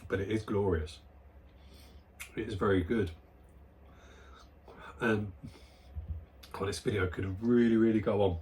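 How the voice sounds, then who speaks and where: A man's voice: on the low side, steady tone, measured pace, pauses often, a little mellow. A man hosting his own beer review vlog, chatting casually and enthusiastically as he smells and tastes a beer. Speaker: beer reviewer, channel host. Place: at home, near a barbecue area.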